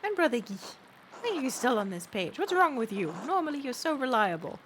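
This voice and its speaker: A stern prior who scolds his scribes, read out by a woman in a fairly high voice. Background noise hums steadily under the voice. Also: very animated, fairly quick, fairly bright tone. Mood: scolding.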